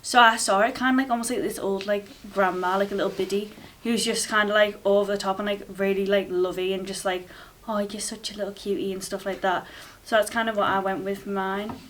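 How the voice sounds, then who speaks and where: Woman, casual project chat, monotone delivery, a bit far from the mic. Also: mid-range voice, brisk, few pauses, slight background noise. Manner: rambling, filler-heavy, flat delivery. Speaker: drama student.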